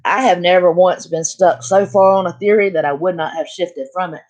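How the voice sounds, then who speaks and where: A woman's voice: lowish voice, fairly even intonation, moderate pace, darkish tone, dull audio. An older woman hosting a casual chat, talking bluntly and emphatically. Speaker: channel host.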